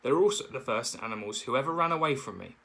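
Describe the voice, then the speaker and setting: A man voicing a kind, calm female robot who speaks in a polite, formal manner. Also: medium pitch, quick pace, gravelly, exaggerated voice.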